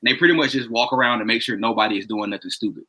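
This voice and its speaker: A man with a bright, forceful voice spins a rowdy story for his friends in casual chat. He laughs a lot between lines and voices the people in his tale. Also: medium pitch, racing, breathy edge, rough recording. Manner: animated, laughs often, acts out quoted dialogue. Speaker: podcast co-host telling a story.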